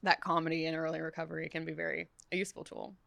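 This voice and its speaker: Southern woman host, low-ish and bright, reflective, laughs a lot. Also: little pitch movement, very fast, vocal fry, no echo, studio quality. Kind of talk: casual conversation.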